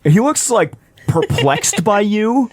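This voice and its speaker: A man narrating as game master of a tabletop game in a casual, animated way. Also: sits high, slow, no room sound.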